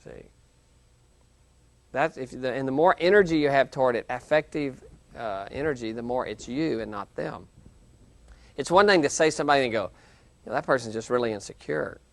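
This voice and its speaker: A gravelly-voiced male professor teaching a class, talking in an easy, animated way and slipping into little acted-out reactions. His voice sits at a middle pitch, and the sound is close and dry. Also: normal speed, pauses often, dry recording. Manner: conversational, animated, acts out quoted reactions. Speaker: university lecturer. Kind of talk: classroom lecture. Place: lecture hall, televised class.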